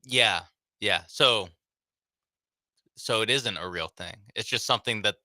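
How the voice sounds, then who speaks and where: A man's voice: fairly low pitch, a little slow, sharp tone, no room sound. A man co-hosting a casual sports talk radio show, teasing his partner in a dry way.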